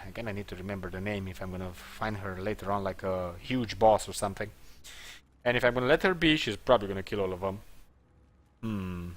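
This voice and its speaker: A man's voice: on the low side, sharp tone. Chatty man narrating his gameplay. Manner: thinking aloud, chuckling, rambling. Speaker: gameplay commentator. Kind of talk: casual let's-play commentary.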